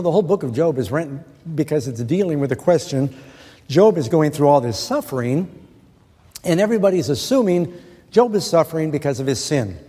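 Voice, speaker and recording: A man's voice: on the high side, warm tone, husky. Preaching man in an echoing hall. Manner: earnest preaching, rhetorical questions, slows to quote scripture. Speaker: pastor. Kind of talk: sermon. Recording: long reverb of a large hall.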